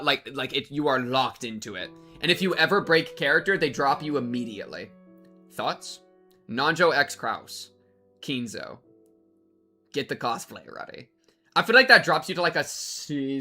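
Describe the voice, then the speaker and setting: A young man streaming a game, chatting to his viewers in a rambling, jokey, excitable way and sometimes reading the game text aloud. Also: mid-range voice, normal speed, faint music behind. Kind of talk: casual game-reaction commentary.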